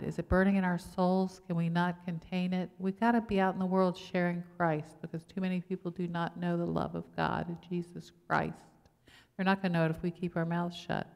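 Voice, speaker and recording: A woman's voice: on the low side, little pitch movement, brisk, vocal fry, darkish tone. A woman pastor, preaching a conversational sermon full of rhetorical questions. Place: church sanctuary. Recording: long church reverb.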